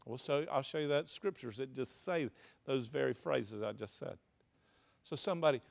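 Gravelly preacher quizzing his congregation. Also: mid-range voice, normal speed. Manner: call-and-response preaching, asks the congregation questions. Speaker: pastor. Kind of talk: sermon.

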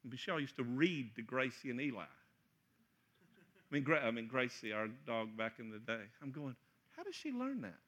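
A middle-aged man preaching a sermon, joking and acting out scenes, sometimes breaking into loud shouts. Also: medium pitch, normal speed. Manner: animated, joking, acts out voices with loud shouts. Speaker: pastor.

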